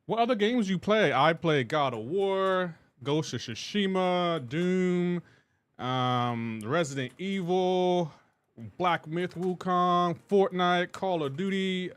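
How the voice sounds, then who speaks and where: A man's voice: high-pitched, slow pace, clear, resonant tone. A man streaming a game live, chatting casually and greeting his viewers one by one in an upbeat, talkative way. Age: adult with a child.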